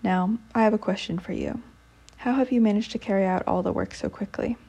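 A woman's voice: medium pitch, fairly quick, gravelly, dark tone, husky. A woman reading a storybook, voicing a fearsome old witch who threatens to eat a girl, with a commanding, threatening manner.

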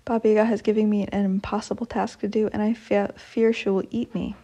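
A woman's voice: medium pitch, level tone, a little fast, warm tone, lightly acted. A woman reading as timid young Vasilisa. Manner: polite, hesitant. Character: frightened young girl, polite and timid.

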